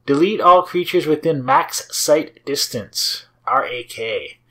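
A man hosting his own game series, chatting casually as he plays and reads through code, rambling and often laughing softly. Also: a little high, lively intonation, slow pace. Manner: rambling, chatty, with frequent fillers and small laughs. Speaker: host of a game and source-code video series. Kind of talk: casual commentary while playing and reading code.

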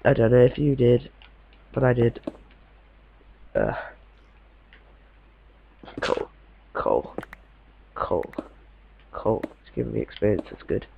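A man's voice: medium pitch, very animated, slow, creaky, long pauses, husky, phone-quality sound. A young man giving casual, chatty commentary while playing a game, talking to himself in a slightly posh way. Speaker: gamer.

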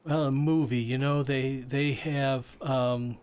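A man voicing a signer's interview answers as interpreter, halting with frequent restarts and repeated words. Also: medium pitch, steady tone, darkish tone, clear, resonant tone.

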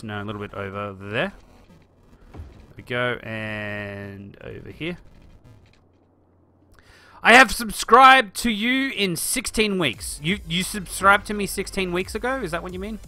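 A man's voice: mid-range voice, fairly even intonation, moderate pace, pushed and bright, soft background music. A man chatting casually through a live stream of a city-building game, thinking aloud and answering viewers. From Australia. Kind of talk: live-stream gameplay commentary.

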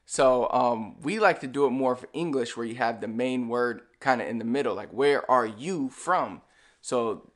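A man's voice: mid-range voice, moderate pace. Chatty young man teaching a lesson. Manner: relaxed and chatty, with frequent fillers and "all right"; speaks to the viewer directly, explaining step by step. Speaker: Spanish language teacher. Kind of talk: casual video lesson.

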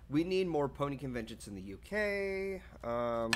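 A male streamer talks loosely with his chat and reads their comments out as they come in. His pitch swings widely from line to line. He swears often and without fuss. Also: takes it slowly, smooth. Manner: lively, swearing, reading chat aloud. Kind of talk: casual chat with stream viewers.

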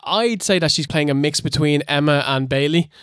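A man's voice: a little high, normal speed, fairly bright tone, clear, resonant tone, dry recording, clean studio sound. A man co-hosting a casual review show, blunt and swearing freely with frequent laughter. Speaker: podcast co-host. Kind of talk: casual wrestling review chat.

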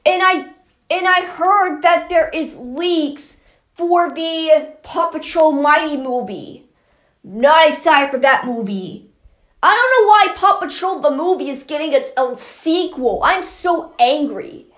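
A woman's voice: high-pitched, expressive, slow pace, a bit bright. A woman hosting her channel, giving an exasperated ranting commentary and repeating herself a lot. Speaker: channel host. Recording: roomy echo.

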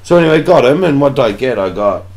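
A man's voice: medium pitch, quick pace. Sweary Australian man spinning a yarn. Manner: profane, animated storyteller acting out quoted dialogue. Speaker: podcast host. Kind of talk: casual chat.

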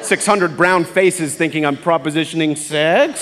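Man, stand-up comedian, animated storytelling, stage mic, live theatre, crowd laughing, noisy. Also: a little high, measured pace, long reverb tail. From Canada. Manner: animated storytelling, building to shouted chants. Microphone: stage microphone.

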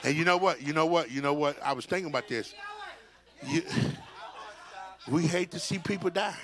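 A man leading a church Sunday school class, preaching in an animated way, repeating his words and breaking into shouts. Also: on the high side, normal speed.

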